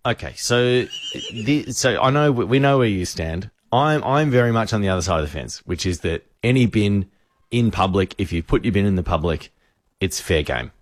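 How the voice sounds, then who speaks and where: A man hosting a radio show, telling an animated anecdote. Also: lowish voice, normal speed, dry recording, clean studio sound. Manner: animated storyteller.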